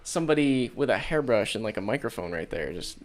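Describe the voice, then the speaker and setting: A man's voice: medium pitch, expressive, quick pace. A young man guesting on a podcast, laid-back and joking in casual chat.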